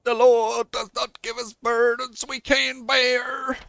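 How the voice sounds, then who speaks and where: A man doing a high, pleading frontier pastor. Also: little pitch movement, gravelly, fairly bright tone, no room sound, full character voice. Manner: slow, high, pleading delivery. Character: frightened old-west male pastor, pleading.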